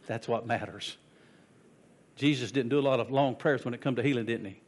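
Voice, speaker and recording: Pastor, reverent and earnest. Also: male voice, medium pitch. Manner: slow, soft and reverent in prayer, loud and animated when telling a story. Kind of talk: sermon with prayer and storytelling.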